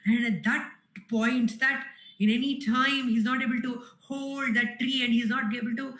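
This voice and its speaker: A woman's voice: fairly high pitch, fairly even intonation, normal speed, fairly bright tone. A woman telling a spiritual story at a gathering, earnest and repetitive with fillers. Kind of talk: storytelling talk. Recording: roomy echoey hall.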